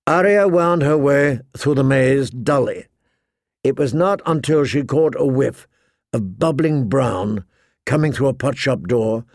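A man narrating a fantasy audiobook in a steady, measured storytelling voice. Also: medium pitch, creaky, no echo, studio quality.

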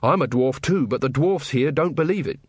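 A man's voice: mid-range voice, expressive, moderate pace, husky, no echo, clean studio sound. A man doing an earnest, cheerful young constable.

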